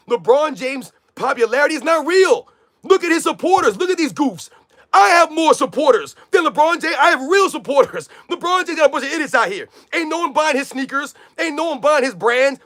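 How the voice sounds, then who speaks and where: Loud ranting high-voiced man. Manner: loud, combative, repetitive rant; talks to chat viewers by name. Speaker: sports live streamer. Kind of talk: ranting live stream commentary.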